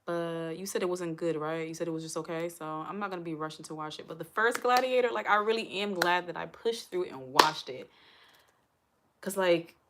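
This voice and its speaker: A woman talks straight to her livestream viewers in a chatty, emotional way. Her voice sits a little low, and she sounds close to tears. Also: a little fast, noisy background. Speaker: livestream host. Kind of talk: casual livestream chat.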